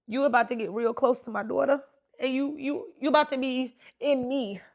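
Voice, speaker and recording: A woman hosting a podcast, telling a personal story in a lively, chatty, informal way full of slang and acted-out dialogue. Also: medium pitch. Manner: animated, chatty retelling with lots of quoted dialogue. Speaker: podcast host.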